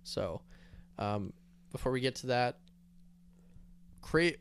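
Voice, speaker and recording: A man's voice: medium pitch, lively intonation, vocal fry, clear, resonant tone. A man co-hosting a sports podcast, moving the talk along in casual chat. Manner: brisk, moving the show along. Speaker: podcast co-host.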